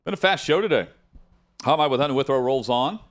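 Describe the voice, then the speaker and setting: A man hosting a sports radio show, relaxed and halting, thanking guests and recapping news. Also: mid-range voice. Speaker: radio host. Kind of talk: casual sports talk.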